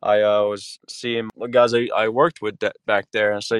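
A man in his thirties co-hosting a casual podcast, telling a work story in an animated way with plenty of swearing. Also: medium pitch, brisk, few pauses, dry recording. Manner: storytelling, animated retelling with curses. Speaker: podcast co-host. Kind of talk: casual chat.

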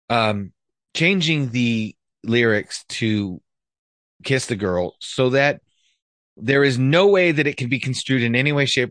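A man's voice: medium pitch, fairly bright tone, no room sound. A man co-hosting a podcast, bantering in a casual, profane, joking way. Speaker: podcast co-host.

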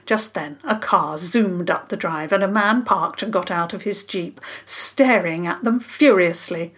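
A woman calmly narrating a children's story in a measured, scripted reading. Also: on the low side, breathy edge.

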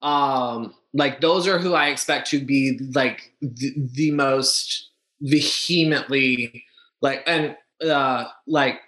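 A man's voice: medium pitch, fairly bright tone. A man in a casual discussion, talking with passion, speeding up and stumbling over restarts and fillers. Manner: impassioned, fast-talking with frequent restarts and fillers.

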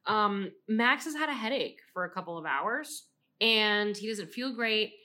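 A woman co-hosting a podcast, chatting casually about a book, animated and swearing freely as she acts out her reactions. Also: mid-range voice, measured pace. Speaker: podcast co-host. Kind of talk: casual book-review chat.

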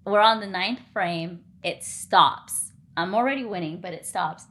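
A woman's voice: fairly low pitch, measured pace. A woman podcast co-host telling a story in casual chat, acting out the lines of the people in it. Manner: animated, acts out quoted dialogue.

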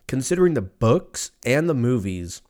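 A man's voice: mid-range voice, sing-song, moderate pace, darkish tone. A man in his thirties hosting a podcast, ranting casually in a profane, rambling, sarcastic way. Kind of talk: casual rant.

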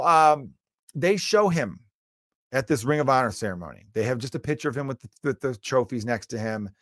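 A mid-range male voice belongs to a comedian from Chicago, USA, who rants forcefully and opinionatedly on a podcast he hosts alone. The recording is clean studio audio with no echo.

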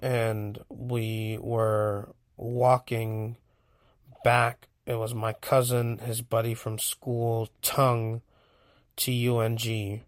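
A man's voice: medium pitch, monotone, drawn-out words, no room sound. A young man from California rambling bluntly through a casual monologue, cursing freely as he tells stories. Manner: blunt, profane, storytelling. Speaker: podcast host.

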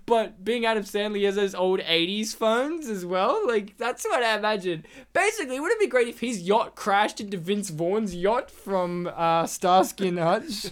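A woman's voice: medium pitch, expressive, moderate pace, few pauses. A woman from Poland, co-hosting a casual film chat, joking and laughing often as she acts out scenes. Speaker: podcast co-host. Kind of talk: casual chat about films.

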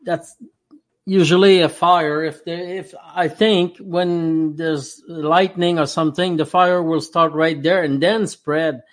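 French Canadian man with a higher voice. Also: fairly even intonation, takes it slowly. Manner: earnest, repeats himself for emphasis. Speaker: guest. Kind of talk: casual discussion.

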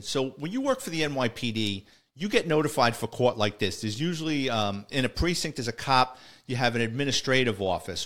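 A man's voice: mid-range voice, a bit bright. A middle-aged man, a retired police officer telling stories casually on a podcast, rambling and correcting himself as he acts out dialogue.

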